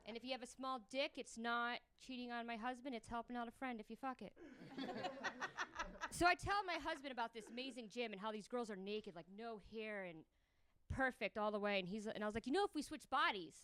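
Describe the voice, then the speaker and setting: A woman's voice: on the high side, fairly quick, noisy background. A young woman doing a crude, brash stand-up comedy set on stage before a live audience. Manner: crude, brash punchlines with big vocal jumps.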